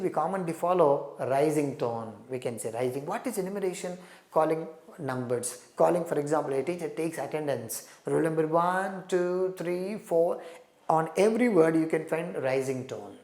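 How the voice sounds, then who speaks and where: A man's voice: on the high side, animated, fairly quick, darkish tone. A man with a Telugu-influenced Indian English accent teaches an exam-prep lesson in an emphatic, repetitive way and keeps calling his listeners "my friends". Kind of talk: recorded lecture. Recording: echoey room.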